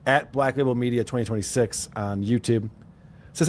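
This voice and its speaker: A man hosting a commentary channel, giving a wry, exasperated recap of online drama and reading out messages with hesitant pauses. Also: medium pitch.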